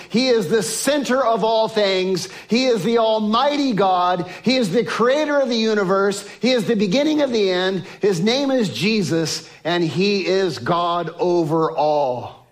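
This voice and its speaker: Slow-talking, emphatic male preacher. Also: high voice. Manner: emphatic, rising to exclamations and dropping to hushed tones; acts out quoted speech of biblical figures. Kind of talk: sermon.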